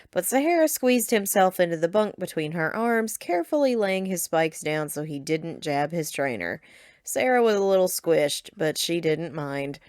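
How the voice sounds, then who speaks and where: A woman narrates a game playthrough like a storybook, gentle and steady. Her voice sits a little low and the recording is dry and close. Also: dry recording.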